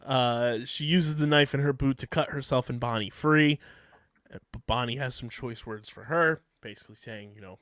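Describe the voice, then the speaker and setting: A man's voice: mid-range voice, moderate pace, a bit bright, no echo, studio quality. A man co-hosting a podcast, rambling through a plot recap with frequent ums and laughs. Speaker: podcast co-host recapping episodes. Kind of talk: casual podcast chat.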